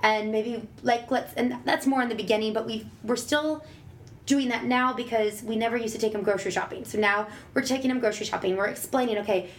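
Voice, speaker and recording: A woman's voice: a little high, a little fast, a little hiss or hum. A woman, a parent, talking casually and animatedly about raising her child and acting out voices when she quotes. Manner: animated, acts out exaggerated voices when quoting. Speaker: parent sharing advice. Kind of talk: casual advice chat.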